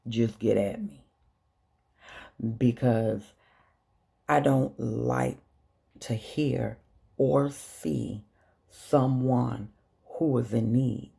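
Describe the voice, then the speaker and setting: Talking straight into the camera, a middle-aged woman from Chicago with a Chicago accent delivers an emotional vlog monologue. She is slow, earnest, blunt, and profane, with a bass voice that is gravelly, husky, and warm.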